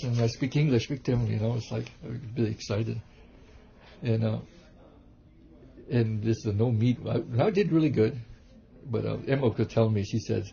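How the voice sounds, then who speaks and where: A man, a kung fu teacher and reverend, telling rambling, animated stories in a casual interview, with many restarts. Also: mid-range voice, brisk, creaky. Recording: dull lo-fi recording.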